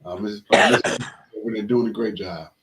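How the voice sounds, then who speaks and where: A man's voice: lowish voice, fairly even intonation, quick pace. Rambling male sports talk host. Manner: rambling, many fillers and restarts, shout-outs. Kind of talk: casual sports talk show.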